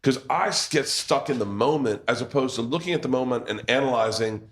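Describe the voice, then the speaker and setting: A man's voice: mid-range voice, fairly quick, a bit bright. A man, hosting a podcast and telling a family story in a loose, laughing way with crude asides, recorded in a pub. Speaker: podcast host. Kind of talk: storytelling in casual chat.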